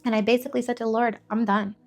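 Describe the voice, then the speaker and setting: A young woman shares her personal testimony in a frank, chatty manner, her voice gravelly with fry. She sits a little high in pitch and talks bluntly, peppering her story with filler words. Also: flat delivery, very fast. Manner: candid and conversational, many filler words, blunt language. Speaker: faith testimony speaker.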